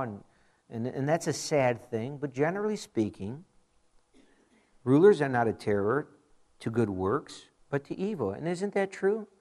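Animated middle-aged male pastor preaching. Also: medium pitch. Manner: animated storytelling with frequent asides. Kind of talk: conversational sermon.

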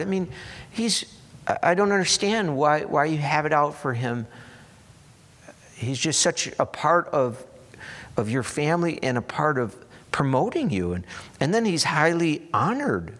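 A man putting on a bewildered old priest who pleads in a high, strained voice. He sounds earnest and baffled, talking far above his usual pitch and pushing hard as he defends a friend. The scene is a Bible story told aloud in a sermon.

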